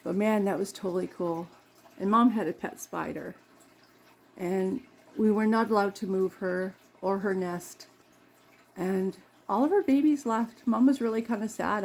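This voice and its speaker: Gravelly-voiced woman chatting rambly. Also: mid-range voice, a little mellow. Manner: chatty and meandering, with frequent laughs and self-corrections. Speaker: vlogger. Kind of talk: casual rambling chat while doing makeup.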